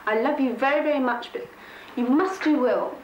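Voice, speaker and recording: Woman voicing an insistent, doting mother, high voice, echoey room, background noise. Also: moderate pace, a little mellow, distant mic, muffled recording, lightly acted. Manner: insistent, repetitive pleading. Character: pushy, doting mother urging her grown daughter.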